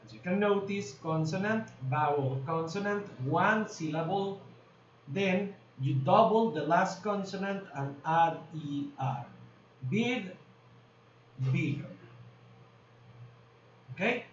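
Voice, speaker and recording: A man teaching an English grammar lesson, explaining slowly and patiently and checking in with "okay?" often. He is a native Spanish speaker. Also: high voice. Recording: distant, roomy, dull lo-fi recording with faint noise.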